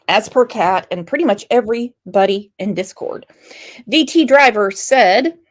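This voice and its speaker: A woman's voice: medium pitch, a bit bright. A woman with a Southern US accent hosting a casual livestream, teasing her guest and reading viewer comments aloud. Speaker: host.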